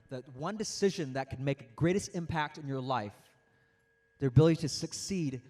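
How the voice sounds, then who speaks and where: An animated young man delivering a motivational talk to young people. His voice sits a little high for a man, and he speaks with lively, storytelling energy, drawing the audience in with questions. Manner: animated, interactive, storytelling with acted-out quotes.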